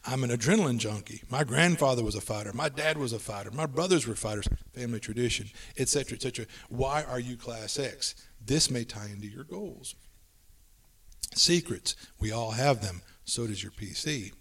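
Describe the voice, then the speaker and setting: Man, podcast host, casual chat, brisk tips, slightly distant mic. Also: medium pitch, fairly bright tone, slightly rough. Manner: brisk, runs through lists of tips. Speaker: podcast host giving tabletop game advice.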